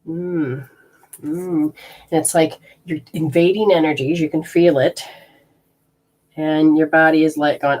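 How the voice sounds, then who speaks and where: A woman with a somewhat low voice runs a live energy healing session. She rambles, restarts her sentences and talks through hands-on techniques step by step. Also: unhurried, pauses often, a little mellow. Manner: rambling, self-interrupting, explains hands-on techniques. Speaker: energy healer.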